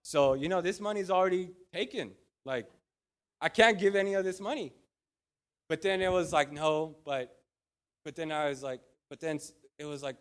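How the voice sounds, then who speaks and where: A man's voice: a little high, moderate pace. A man preaching in a conversational, storytelling way, full of restarts and asides. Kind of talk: storytelling sermon.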